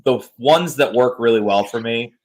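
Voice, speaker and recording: A man's voice: medium pitch, moderate pace, slight background noise. Joking man hosting a podcast. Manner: joking, animated storyteller. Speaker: podcast host. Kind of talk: casual podcast chat.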